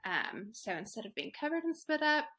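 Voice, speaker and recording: A young woman with a Southern American accent, a podcast guest telling her story in a relaxed, chatty way with many fillers. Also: on the high side, a little fast. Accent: Southern US (Tennessee). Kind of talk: casual interview.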